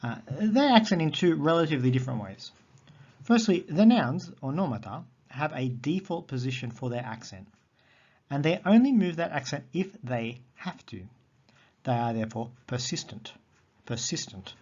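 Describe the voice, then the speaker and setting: A man teaching a recorded lesson on Greek accents, methodical and repeating key terms slowly. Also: fairly high pitch, sing-song, a little mellow, breathy edge, lo-fi sound.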